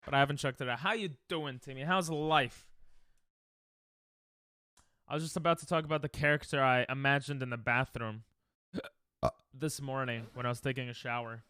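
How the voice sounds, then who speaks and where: A man's voice: medium pitch, fairly even intonation, moderate pace, long pauses, pushed and bright, clear, resonant tone, dry recording. A man rambling and joking in casual livestream chat, often cutting himself off mid-sentence. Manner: rambling, self-interrupting, joking. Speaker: streamer.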